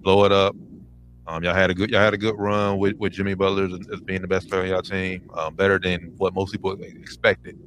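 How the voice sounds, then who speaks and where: Low-voiced laid-back man. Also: little pitch movement, a bit bright, a little hiss or hum. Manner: halting, laid-back, repeats words. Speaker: podcast co-host. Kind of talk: casual sports talk.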